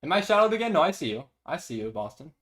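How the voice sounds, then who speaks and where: A man's voice: fairly high pitch, very animated, fast talker, a bit bright. A young man streaming chess, chatting casually, self-deprecating and thinking aloud. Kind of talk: casual live-stream chat.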